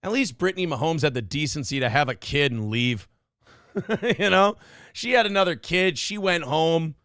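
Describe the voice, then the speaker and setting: A talk show host with a somewhat high, expressive, fairly bright voice keeps a moderate pace, offering casual profane commentary. His jabs are crude, sarcastic and mocking, recorded without echo.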